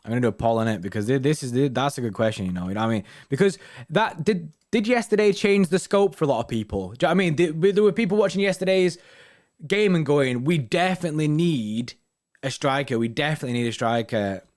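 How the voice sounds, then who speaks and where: A man's voice: on the high side, expressive, fast talker, a little mellow. A young man hosting a football fan live stream, chatting casually with viewers, full of slang and tags like "innit" and "you know what I mean".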